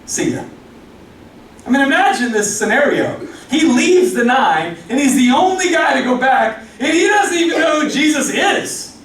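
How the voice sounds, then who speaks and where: High-voiced pastor in an echoing church. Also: male voice, moderate pace, slight background noise. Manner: animated, conversational storytelling. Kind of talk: sermon. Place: church hall. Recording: echoey hall from far off.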